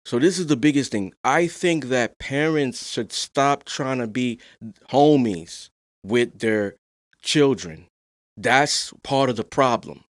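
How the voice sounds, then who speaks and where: Soft-spoken man hosting a podcast. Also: mid-range voice, takes it slowly, no room sound, studio quality. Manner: soft-spoken and calm, rising to animated emphasis. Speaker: podcast host. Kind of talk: casual podcast discussion.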